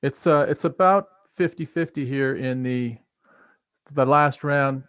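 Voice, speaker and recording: A man with an American accent, co-hosting a live stream and giving casual, excited play-by-play of a fight, full of filler words. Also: mid-range voice, unhurried, clear, resonant tone, no room sound, clean studio sound. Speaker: stream co-host.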